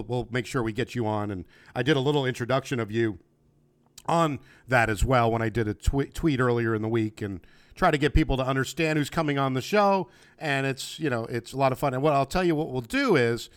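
Smooth-voiced man hosting a podcast chat. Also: medium pitch, a little fast, no room sound. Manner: rambling, friendly, many fillers and restarts. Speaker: podcast host. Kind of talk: casual interview. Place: home, remote video call.

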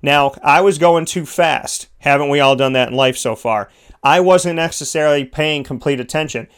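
Animated man telling a story, smooth voice. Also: fairly high pitch, moderate pace. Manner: animated, acts out his own shouts. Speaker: podcast co-host. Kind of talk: casual storytelling.

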